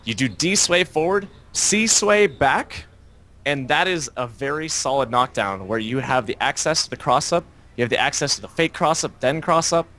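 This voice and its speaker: A man's voice: mid-range voice, expressive, normal speed, a bit bright. A man co-hosting a casual gaming podcast, explaining fighting game tactics in detail. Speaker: podcast co-host.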